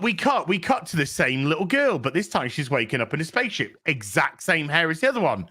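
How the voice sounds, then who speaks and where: A podcast host rants about a show in a casual, sarcastic way, swearing freely. His voice sits a bit high for a man and comes out bright and forceful. He slips into exasperated impressions of the characters as he goes. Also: very animated, brisk, hardly any pauses, husky. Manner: profane, sarcastic, exasperated, acts out characters' lines. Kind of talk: casual review rant.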